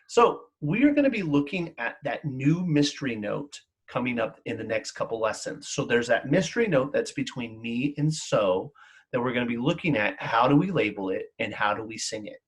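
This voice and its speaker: Upbeat, lively male music teacher. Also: medium pitch, moderate pace. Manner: upbeat, encouraging, counts students in and chants rhythms. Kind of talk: recorded online music lesson.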